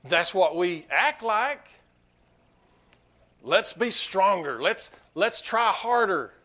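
A man preaching a sermon to his congregation, swinging between quiet asides and loud, emphatic peaks. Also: high-pitched, sing-song, takes it slowly. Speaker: pastor.

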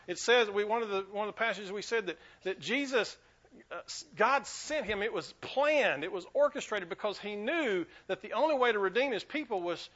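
A man preaching a sermon with a high, bright, sharp voice. His pitch swings widely as he hammers home repeated lines and calls the church to answer back. The recording is dull and lo-fi. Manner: preaching with rising fervor, repeating lines for emphasis; leads the congregation in call and response. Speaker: pastor. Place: church sanctuary.

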